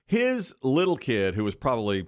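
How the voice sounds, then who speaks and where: A man's voice: medium pitch, wildly swooping pitch, normal speed, a little mellow, clean tone, no room sound, studio quality. A man co-hosting a radio-station podcast, telling rambling stories in casual chat and restarting his sentences. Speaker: podcast co-host.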